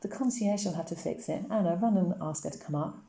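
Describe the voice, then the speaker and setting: A woman voicing a worried mother under strain in a storybook reading, anxious and sharp in tone. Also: fairly low pitch, brisk, creaky, voice pushed up. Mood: fraught. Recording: roomy echo.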